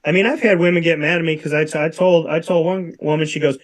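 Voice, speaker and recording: A man in his thirties with a fairly high voice hosts a casual talk show. He talks with emphatic, preachy conviction and repeats phrases to drive his points home. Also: quick pace. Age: 30s. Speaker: show host.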